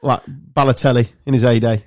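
A man's voice: medium pitch, fairly even intonation, a little fast, darkish tone, no echo, studio quality. A man, hosting a podcast in joking, chatty banter. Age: 30s. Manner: joking, chatty, laughs often. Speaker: podcast host. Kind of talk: casual banter.

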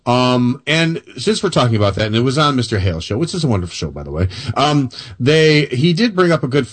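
A man hosting a paranormal talk show, rambling along with plenty of fillers and restarts. His voice sits at an ordinary middle pitch. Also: sing-song, fast. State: wound up on coffee. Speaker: radio show host. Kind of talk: casual chat and news reading.

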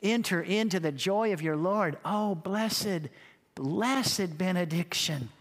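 A man's voice: high-pitched, slow, big-room sound. A male pastor preaching a fervent sermon, with emphatic repetition and acted-out quotes.

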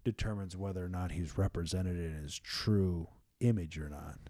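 Earnest low-voiced man talking faith. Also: normal speed. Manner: earnest, emphatic, repeats words when excited. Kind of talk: casual faith conversation.

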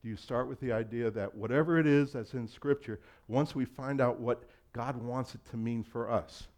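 A man preaches a sermon in a loose, conversational way, slipping into quoted voices and laughing along the way. His voice sits at an average pitch for a man. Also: moderate pace, darkish tone. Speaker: pastor.

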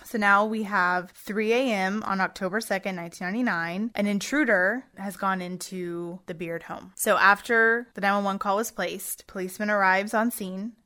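A woman's voice: medium pitch, steady tone, moderate pace, hardly any pauses, pushed and bright. A woman hosting a podcast, casually retelling a true-crime case at length and acting out what people said. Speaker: podcast host.

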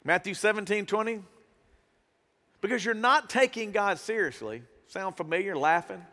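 A man preaching a sermon as pastor, animated and casual, acting out Bible characters with slangy asides. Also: sits high, moderate pace, long reverb tail. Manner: casual slang, southern-tinged phrasing.

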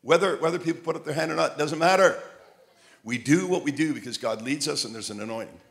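A man preaching a sermon, telling lively stories and repeating phrases like a chant. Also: on the high side, quick pace, creaky. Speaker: traveling preacher. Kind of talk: sermon with storytelling.

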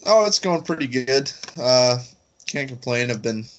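A man's voice: medium pitch, unhurried, muffled recording. Young guy just out of college, laid back, chatting on a podcast. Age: young adult. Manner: easygoing, relaxed, laughs lightly. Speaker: podcast guest. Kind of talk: casual chat.

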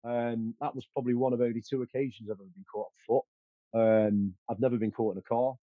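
A man's voice: medium pitch, fairly even intonation, quick pace, dry recording, phone-quality sound. A man telling stories as an interview guest, confident and boastful, with many fillers and restarts. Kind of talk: casual storytelling.

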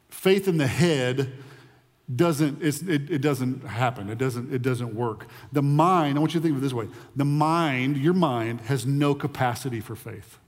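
Animated male preacher in a reverberant hall. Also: mid-range voice. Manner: animated, repeats words when excited. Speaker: pastor. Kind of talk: sermon.

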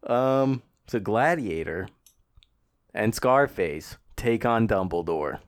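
Lively, joking man on a podcast. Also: on the low side, slow, clean tone. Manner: jokey and playful, with a lively up-and-down voice. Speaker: podcast co-host. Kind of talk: casual movie-talk chat.

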